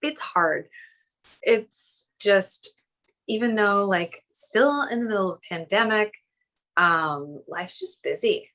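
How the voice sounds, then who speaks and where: A woman's voice: mid-range voice, expressive, slow pace, a bit bright, poor audio. A woman co-hosting a podcast in casual chat, laid-back and joking, swearing freely, close on a podcast microphone. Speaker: podcast co-host. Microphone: studio podcast microphone.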